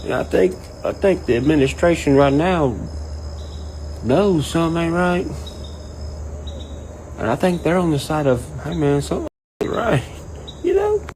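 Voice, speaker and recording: A man ranting casually and profanely, rambling and animated. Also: on the high side, normal speed, pauses often, slight background noise, low-quality recording. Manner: profane, rambling, animated, quotes people in mock voices. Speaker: online commentator. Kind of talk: casual rant to camera.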